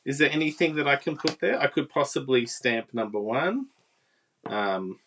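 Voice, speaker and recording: A woman's voice: very deep voice, expressive, a little slow, a bit bright, slight background noise. A woman giving a casual, chatty live card-making demonstration and talking with viewers. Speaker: papercraft demonstrator.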